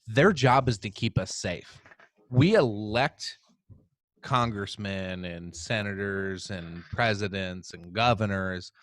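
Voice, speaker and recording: A low-voiced man ranting on a podcast, heated and profane, swearing as he builds up steam. His voice sits dry and close, with no room sound around it. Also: a bit bright, no echo. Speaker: podcast co-host. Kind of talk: casual political chat.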